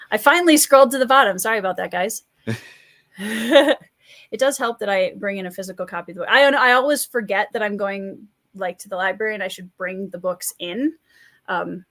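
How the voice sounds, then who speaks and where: A woman's voice: medium pitch, fairly bright tone, dry recording. Woman w/ scandinavian midwest accent hosting a chill livestream, chatty, laughs a lot. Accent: Scandinavian Midwestern American. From rural Minnesota, US. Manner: chatty, laughs often, reads out viewer comments. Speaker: livestream host and writer. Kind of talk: relaxed live-stream chat.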